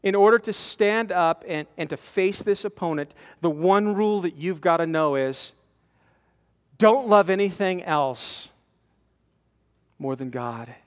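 A man in his forties preaching a conversational sermon to a men's conference, animated, acting out quotes and repeating words as he presses his points. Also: high voice, unhurried. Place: large conference hall. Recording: long hall reverb from a conference.

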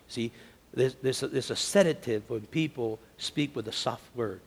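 A man's voice: mid-range voice, normal speed, gravelly, slightly rough. Man preaching in a reverberant hall. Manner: conversational, building to loud emphatic preaching. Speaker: conference speaker. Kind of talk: storytelling sermon. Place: men's conference hall. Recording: long reverb of a large hall.

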